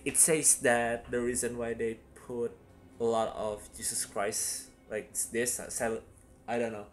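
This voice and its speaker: A man talks through a horror film review in a loose, rambling vlog style, jumping between thoughts and breaking into sudden excited outbursts. His voice sits at an ordinary middle pitch. Soft music plays faintly behind him.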